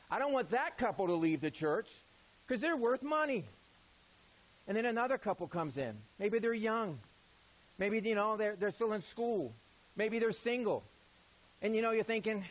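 A man preaches as a pastor, posing rhetorical questions and drawing out key words for emphasis. He often sinks to a low, quiet voice partway through a point, with a sing-song delivery, a moderate pace, and long pauses. The recording quality is low.

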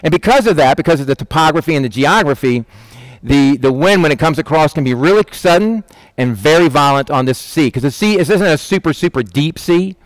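Animated man preaching, dry close sound. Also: a little high, a little fast, dry recording. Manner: animated, conversational preaching with acted-out quotes. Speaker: pastor. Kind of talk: sermon.

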